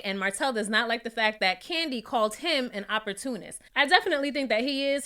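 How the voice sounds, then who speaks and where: A woman giving casual, gossipy commentary on a reality TV episode, sassy and quick to laugh. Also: fairly high pitch, a bit bright. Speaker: reality TV reviewer.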